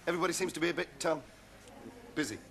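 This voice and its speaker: A flustered young doctor. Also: male voice, a little high, very fast, creaky, a bit bright. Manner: hesitant, stammering, full of ums. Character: flustered young male doctor, easily rattled. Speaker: young doctor organising a radio show. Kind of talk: 1970s television sitcom acting. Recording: noisy old TV sitcom soundtrack.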